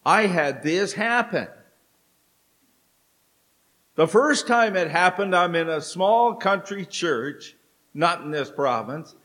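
A middle-aged man preaching a sermon in church, telling stories with dramatic pauses. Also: high voice, animated, a bit bright. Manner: slow, storytelling delivery with dramatic pauses. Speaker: pastor. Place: church sanctuary.

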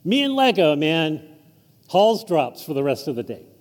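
A man with a fairly high voice delivers an informal, conversational sermon. His pitch swings widely as he talks, and a long hall reverb trails each phrase across the church. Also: normal speed. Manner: informal, chuckling asides, animated intonation. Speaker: pastor. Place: church sanctuary.

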